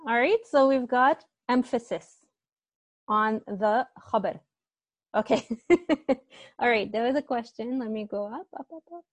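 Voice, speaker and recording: A woman's voice: on the high side, measured pace, dry recording. Apologetic young woman tutoring online. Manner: apologetic, hesitant explaining. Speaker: teaching assistant.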